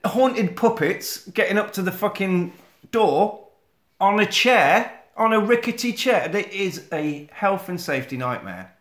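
Animated sweary man recapping. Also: high-pitched, a little slow, roomy sound. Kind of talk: casual film recap.

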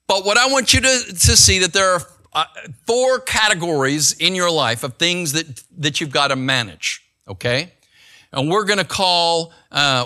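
A man's voice: on the high side, bright, forceful tone. An older man, a pastor, preaching a sermon in a conversational way and checking in with the congregation as he goes.

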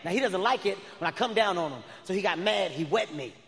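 High-voiced man doing animated stand-up. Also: a little fast, gravelly. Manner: animated storytelling with loud outbursts. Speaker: stand-up comedian. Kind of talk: stand-up comedy set. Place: large arena stage. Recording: live arena with long reverb.

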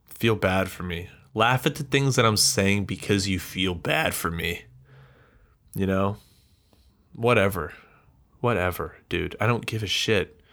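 Slow, low-voiced man ranting bitterly. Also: fairly bright tone. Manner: bitter, rambling, self-mocking rant with swearing. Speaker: podcast host. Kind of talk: solo podcast monologue.

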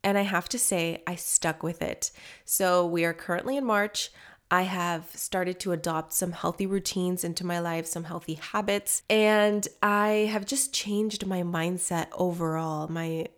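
A woman's voice: on the low side, fairly even intonation, unhurried. A young woman hosting a skincare podcast, chatting candidly and laughing often, her voice congested from allergies. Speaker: podcast host and esthetician. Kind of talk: casual solo podcast chat.

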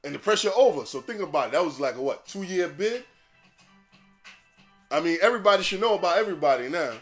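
A man's voice: high-pitched, expressive, fast, faint music behind. Rambling, profane podcast man. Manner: profane, rambling, laughing at his own jokes. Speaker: podcast host. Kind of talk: casual podcast monologue.

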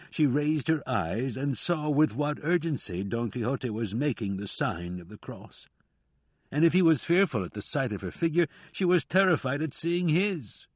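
A man narrating an audiobook in a measured, steady reading. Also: medium pitch, breathy edge, no room sound. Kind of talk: scripted narration.

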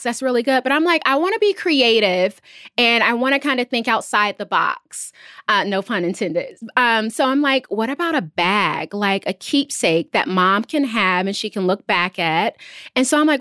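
A woman in her thirties, a business founder, talking through her story as an interview guest. She is animated and jumps up in pitch whenever she quotes someone. The sound is close and dry, with no room echo. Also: normal speed. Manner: animated, jumps up in pitch when quoting others. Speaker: entrepreneur guest.

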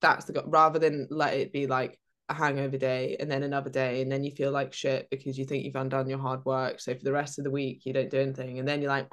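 A woman with a notably low voice, co-hosting a podcast as a fitness coach. She chats casually and gives practical, down-to-earth advice in a relaxed, conversational way. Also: quick pace, few pauses.

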